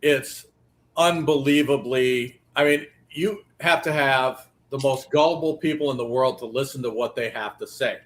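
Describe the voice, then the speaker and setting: A man's voice: medium pitch, normal speed, a bit bright. Blunt, dismissive male panel guest. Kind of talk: casual panel talk.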